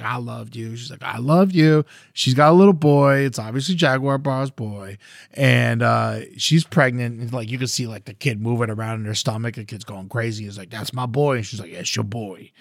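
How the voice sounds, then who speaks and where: A man's voice: medium pitch, fairly even intonation, a little fast, dry recording, clean studio sound. A man co-hosting a podcast, casually retelling a movie plot in a rambling, profane way with acted-out quotes. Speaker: podcast co-host. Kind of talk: casual storytelling chat.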